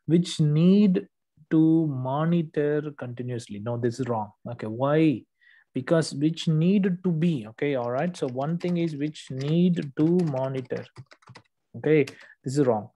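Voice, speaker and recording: A man's voice: a little high, measured pace, mellow. A man tutoring one student, correcting written work patiently and checking understanding often. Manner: patient, explanatory, frequent "okay" checks. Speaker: English test tutor.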